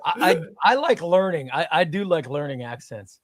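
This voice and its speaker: A man talking comics with a friend. He sounds eager and emphatic, and his voice is a little higher than most men's. The recording is dry and close, with no room sound. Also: very animated, normal speed, no room sound. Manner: eager, emphatic, asks many questions. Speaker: comics discussion panelist. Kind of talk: casual chat.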